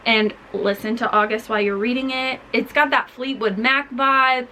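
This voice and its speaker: Bright, gushing young woman book vlogger. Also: on the high side, fairly even intonation, normal speed, a little hiss or hum, poor audio. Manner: gushing, chatty, heavy use of "like". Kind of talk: casual book recommendations.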